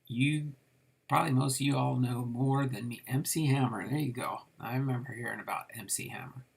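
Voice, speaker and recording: A man's voice: mid-range voice, fairly even intonation, a little fast, vocal fry, slightly rough. A man casually reviewing a set of trading cards, reading names off the cards in a rambling way with many fillers.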